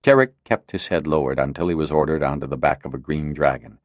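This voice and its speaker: A man reading a fantasy audiobook as narrator, with expressive, dramatic storytelling. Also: rumbling low, fast, no room sound, clean studio sound. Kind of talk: scripted narration.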